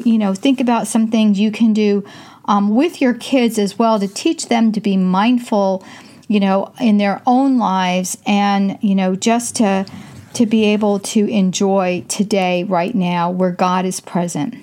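An older woman hosting a casual advice talk, chatty and full of fillers, often speaking in quick bursts. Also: mid-range voice, steady tone, mellow. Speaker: host.

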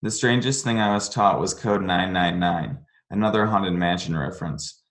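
A man's voice: deep voice, moderate pace, a bit bright. A man hosting a podcast, reading a listener's scary story aloud in a casual way and breaking off to comment and laugh. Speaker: podcast host. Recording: roomy echo.

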